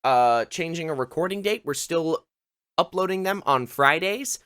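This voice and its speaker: A man's voice: a little high, expressive, moderate pace, fairly bright tone, smooth, no echo, studio quality. A man narrating as game master in a casual tabletop game, swearing and laughing easily.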